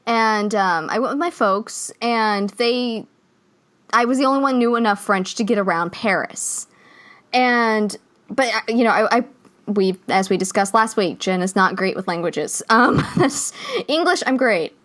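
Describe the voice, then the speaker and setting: Woman podcast host chatting, animated, laughs a lot, voice jumps all over, a bit high. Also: a little slow. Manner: animated, laughs often, tells stories. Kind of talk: casual chat.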